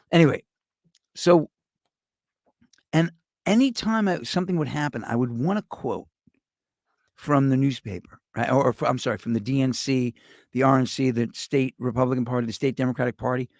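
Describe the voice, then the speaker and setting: Profane, gravelly New man ranting. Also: mid-range voice, lively intonation, moderate pace, pauses often, darkish tone, no room sound, studio quality. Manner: profane, rambling, sarcastic. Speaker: podcast host. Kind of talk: rambling comedic rant.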